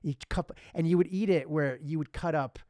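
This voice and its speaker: A man co-hosting a podcast in casual chat, talking in an animated way, jumping into quoted voices and cutting in on his guest. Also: a little high, normal speed, dry recording, studio quality. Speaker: podcast co-host.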